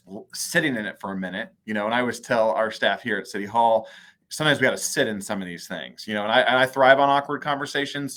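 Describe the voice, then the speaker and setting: Middle-aged guy on a video call, lowish voice but bright, rambly with lots of um and you know. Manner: rambling, hesitant, many fillers. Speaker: mayor. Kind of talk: casual video chat.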